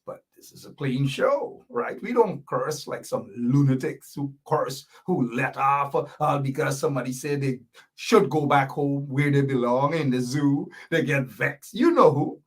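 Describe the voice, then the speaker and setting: A man's voice: mid-range voice, measured pace, slightly rough, recorded from a distance. A man hosting a commentary show, talking emphatically, repeating his points and throwing in sarcastic asides. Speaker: host. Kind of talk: animated political commentary show.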